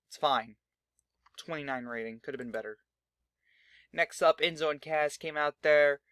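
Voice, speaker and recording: A man's voice: fairly high pitch, steady tone, unhurried, a bit bright, clean tone, dry recording, studio quality. A young man hosting a gaming channel, talking through his game in a rambling, chatty way and swearing freely. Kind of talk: casual let's-play commentary.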